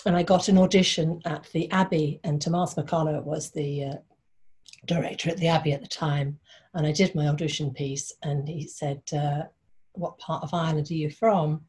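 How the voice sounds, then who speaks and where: Woman, sixties, from London, lowish voice, wry, anecdotal, halting. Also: fairly even intonation, darkish tone. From London, England. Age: 60s. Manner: wry, anecdotal, hesitant with fillers. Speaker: guest, playwright and actress. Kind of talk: conversational interview.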